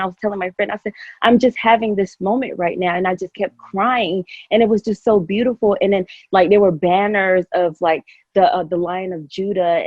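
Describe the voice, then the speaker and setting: A woman in casual conversation, gushing and rambling with lots of fillers. Her voice is a little husky and sits slightly low, and the sound is dull and lo-fi, with a dry room. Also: a little mellow, dry recording. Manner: emotional, effusive, rambling with many fillers. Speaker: podcast guest.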